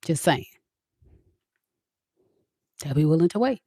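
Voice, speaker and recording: A woman's voice: low-pitched, expressive, takes it slowly, dark tone, no echo, clean studio sound. A woman, a tarot reader giving blunt, preachy love advice straight to the women watching. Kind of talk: direct-to-camera advice talk.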